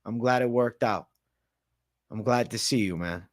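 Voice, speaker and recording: A man's voice: medium pitch, measured pace. A man hosting a casual late-night livestream Q&A, chatting in a laid-back, slangy way and answering viewers. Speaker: MMA livestream host.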